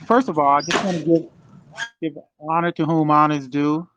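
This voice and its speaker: A man in his sixties giving a motivational exhortation over a remote call, halting with many fillers and building to fervent emphasis. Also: on the high side, fairly even intonation, noisy background. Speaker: guest speaker. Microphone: remote call connection.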